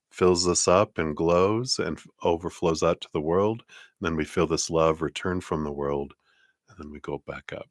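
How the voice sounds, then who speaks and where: Deep-voiced guy doing a chill tarot reading live, chatty, reassuring, laughs a lot. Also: a bit bright, no echo, clean studio sound. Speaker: tarot reader hosting a live stream.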